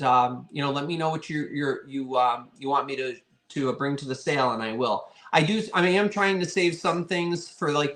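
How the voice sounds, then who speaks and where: A man's voice: mid-range voice, a bit bright. A man hosting a live online vintage sale, chatting casually and thanking his viewers often. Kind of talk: casual live-stream chat.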